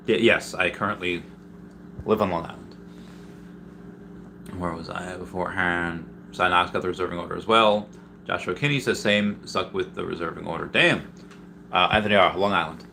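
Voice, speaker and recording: A man from Peru casually streams live, reading his viewers' comments out loud and answering in a rambling manner with many restarted sentences. He has a low-pitched, slightly bright voice with vocal fry, and the audio carries a little hiss or hum.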